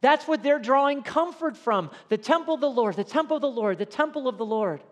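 A man with a high voice preaches from the pulpit of a church. He reads scripture and explains it, raising his voice on key phrases and dropping low for quiet asides. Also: a little fast, in a large hall. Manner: animated, swings from loud emphatic lines to soft asides. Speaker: pastor. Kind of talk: expository sermon.

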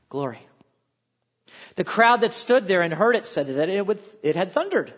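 A man preaching a sermon, reading scripture aloud and shifting between emphatic lines and quiet, low asides. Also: big pitch swings, normal speed, long pauses. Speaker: pastor.

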